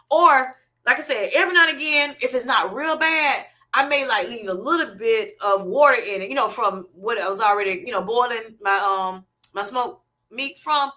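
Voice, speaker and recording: Bright, chatty Southern woman host. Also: on the high side. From Southern United States. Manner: chatty and folksy, laughs often, talks straight to viewers. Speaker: livestream host. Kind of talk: casual livestream chat reading viewer comments.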